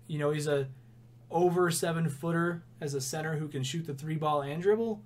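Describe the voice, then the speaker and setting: A man's voice: on the high side, moderate pace. A young man co-hosting a casual sports podcast, rambling through stories and laughing often. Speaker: podcast co-host.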